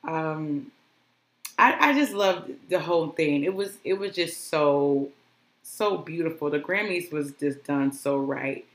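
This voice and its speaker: A woman's voice: deep voice, animated, slow, roomy sound. A woman hosting a solo podcast, chatting in a gushing, rambling way. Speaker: podcast host.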